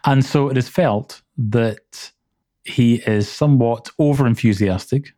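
A man co-hosting a podcast in casual chat, enthusiastic and quick to laugh, often restarting his sentences. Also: mid-range voice, warm tone. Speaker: podcast co-host.

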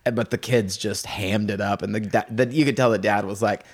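A young man chatting at home as a podcast host, telling animated stories. He laughs often while he talks. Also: lowish voice, a little fast. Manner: animated storyteller, mimics voices, laughs often. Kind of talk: casual chat.

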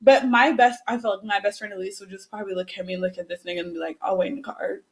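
A woman's voice: medium pitch, rapid-fire. A woman in her late twenties co-hosting a casual chat podcast, blunt and profane, laughing often. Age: late 20s. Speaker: podcast co-host.

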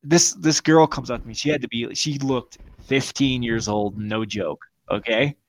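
A man's voice: mid-range voice, normal speed, no room sound. Guy on a podcast telling a crude story, lots of swearing and laughing, dry close sound. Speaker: podcast co-host. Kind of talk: casual storytelling chat.

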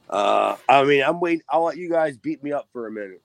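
A man's voice: medium pitch, lively intonation, brisk, gravelly. A man, a former wrestler guest, chatting casually with rambling restarts, laughs and cussing. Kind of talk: casual chat.

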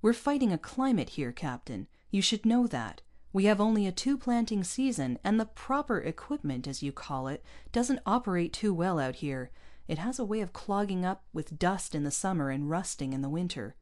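A woman voicing a calm, terse male colony leader in a storybook reading. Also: lowish voice, normal speed, voice pushed up. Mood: tense.

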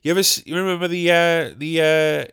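A man's voice: fairly high pitch, steady tone, brisk, a bit bright, clean tone. A British man hosting a solo comedy podcast, ranting in a sweary, rambling way. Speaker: podcast host.

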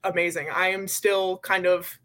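A woman's voice: on the low side, flat delivery, normal speed, a bit bright. Upbeat young woman guest. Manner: upbeat, laughs easily. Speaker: guest, pro rugby player. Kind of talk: casual interview answers.

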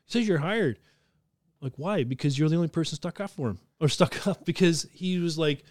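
Sitting on the high side and running a little quick, the voice belongs to a southern Ontario podcast host spinning profane, laugh-filled yarns. Studio-quality and dry, it captures his lively, animated storytelling in a casual style.

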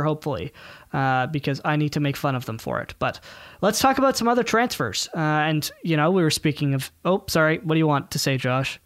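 A man's voice: a little high, fairly bright tone, dry recording. Man, podcast co-host, casual chat, joking, rambling, dry sound. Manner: joking, self-mocking and rambling.

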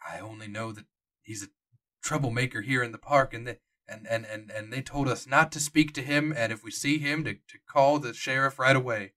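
A man voicing a nervous old male park docent who stammers and repeats himself in halting bursts, in a tabletop game. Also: mid-range voice, fairly even intonation, pushed and bright, close to an everyday voice. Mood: fretful. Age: older.

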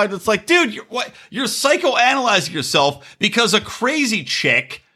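A man hosting a podcast, ranting profanely and mocking reality TV stars with quick impressions. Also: sits high, sing-song, sharp tone, husky. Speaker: podcast host. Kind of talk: profane comedic rant.

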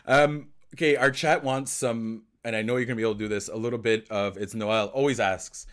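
A man's voice: mid-range voice, a little fast. Francophone man. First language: French. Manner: animated, rambling with restarts. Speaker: co-host. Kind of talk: casual hockey livestream chat.

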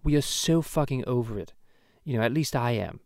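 A man's voice: medium pitch, expressive, a little fast, creaky, darkish tone, no echo, studio quality. A man voicing a foul-mouthed cartoon baby, ranting profanely and rambling in a comedic podcast. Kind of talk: comedic podcast rant in character.

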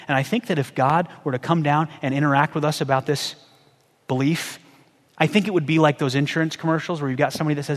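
A man preaching a sermon as a pastor, conversational and animated, firing off rhetorical questions. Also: a little high, fast, big-room sound.

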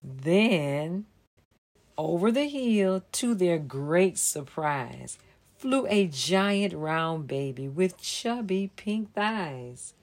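A woman explains holiday symbols in a careful presenter's style and reads a children's story aloud very slowly. Her voice sits a little low, with lively intonation.

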